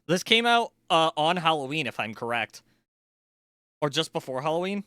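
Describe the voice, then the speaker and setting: Lively, playful streamer with a smooth voice. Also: medium pitch, normal speed, no echo, clean studio sound. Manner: loose, playful, swears casually. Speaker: livestreamer. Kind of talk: casual livestream chat while building.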